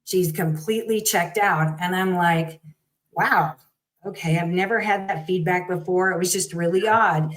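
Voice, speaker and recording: Animated middle-aged woman telling a story. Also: on the low side, moderate pace, poor audio. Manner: animated, acts out quoted people. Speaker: guest parent. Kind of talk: conversational storytelling.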